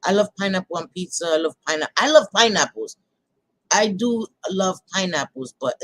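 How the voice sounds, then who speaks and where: A woman's voice: medium pitch, lively intonation, normal speed, fairly bright tone, no echo, rough recording. A woman hosting a casual live chat with her viewers, talking bluntly and laughing often, with some swearing. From New York. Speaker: livestream host chatting with viewers.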